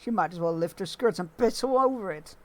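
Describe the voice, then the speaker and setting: A man voicing a scornful townsperson who sneers at a neighbour, loud and indignant. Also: high-pitched, expressive, fairly quick, voice pushed up.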